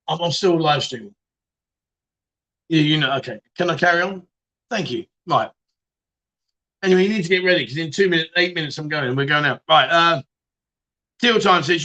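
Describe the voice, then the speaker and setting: A man's voice: a little high, normal speed, pauses often, pushed and bright. A man hosting a casual livestream chat show, reading viewer comments and joking around with frequent laughs and swearing.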